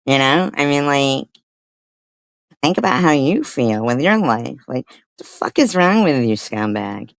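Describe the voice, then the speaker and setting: Gravelly low-voiced woman ranting. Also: expressive, unhurried, dry recording. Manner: profane, blunt, scornful. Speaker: livestream commentator. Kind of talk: ranting commentary.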